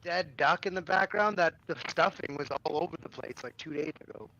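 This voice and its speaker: A man's voice: a little high, fairly quick, pushed and bright, lo-fi sound, slight background noise. A man who is a guest on a sports podcast, talking bluntly and swearing freely. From Canada. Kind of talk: casual podcast chat.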